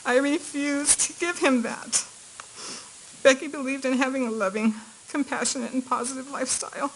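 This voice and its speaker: A middle-aged woman reading a prepared statement in a courtroom as the victim's aunt, earnest and measured with her grief held back. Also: sits high, a little hiss or hum, rough recording.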